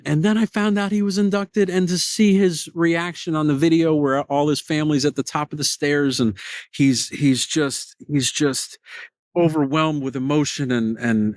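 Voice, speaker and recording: A man hosts his own podcast and tells stories with animated enthusiasm, stumbling over repeated words as he goes. His voice sits high for a man. The recording is dry and close, with no room sound. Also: dry recording. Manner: animated, repetitive restarts, excited storytelling. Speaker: podcast host. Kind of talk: solo podcast storytelling.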